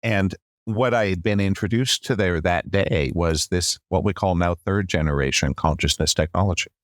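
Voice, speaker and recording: A middle-aged man in a podcast interview, telling a long personal story with lively acted-out quotes and a habit of saying "long story short". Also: low-pitched, normal speed, no room sound, clean studio sound. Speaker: podcast guest.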